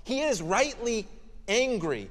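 A male pastor gives an expository sermon in a conversational, emphatic manner. His voice sits a bit high. A long hall reverb trails each phrase. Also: very animated, takes it slowly.

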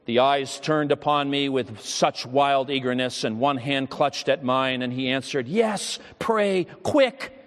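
A man's voice: mid-range voice, level tone, a little slow, few pauses, a bit bright. A pastor, a man, preaching a sermon with solemn storytelling and prayer in a church hall. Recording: long hall reverb.

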